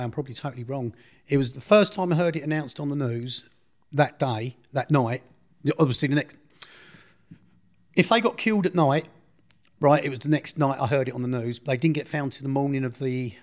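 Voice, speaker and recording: A middle-aged man, a podcast guest telling a long story in a casual, rambling way, often correcting himself and acting out what others said. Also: fairly high pitch. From Essex, England. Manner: rambling, self-correcting, acts out others' speech. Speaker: interview guest.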